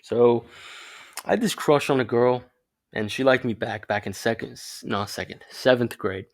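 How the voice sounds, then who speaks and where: A man's voice: mid-range voice, normal speed. A young man giving casual advice in a rambling monologue, swearing often and correcting himself mid-sentence. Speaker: vlogger giving dating advice.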